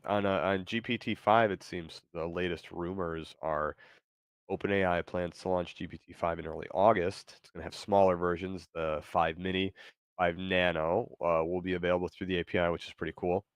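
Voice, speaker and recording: A man hosting a show, chatting casually with an AI in a halting, easygoing way. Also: low voice, fairly even intonation, clear, resonant tone, no room sound. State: tired, yawning. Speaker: show host. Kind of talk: casual chat with an AI.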